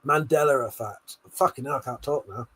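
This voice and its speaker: Husky British man bantering with a live chat. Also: medium pitch, a little slow, fairly bright tone. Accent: British English. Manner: laughs often, swears, banters and teases the chat. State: tipsy. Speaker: livestream host. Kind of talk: casual live-stream chat reading viewer comments.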